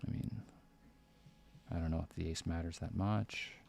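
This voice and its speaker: A deep-voiced man calls a board game live, keeping his voice hushed and close to a whisper. His tone is gravelly and full of vocal fry, and he thinks aloud as each roll comes in, with a faint noise sitting behind him. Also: fairly even intonation, moderate pace. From United States. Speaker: backgammon commentator.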